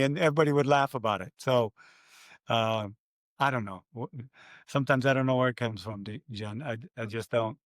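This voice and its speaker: An older man, a race announcer, telling stories in a podcast interview, animated and acting out his own quotes. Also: mid-range voice, moderate pace, no echo, studio quality.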